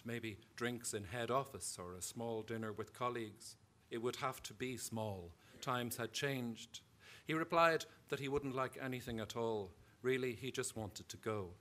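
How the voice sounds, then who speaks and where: A man with an Irish accent, an author reading his own fiction aloud at a live event in a measured storytelling way. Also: mid-range voice, sharp tone.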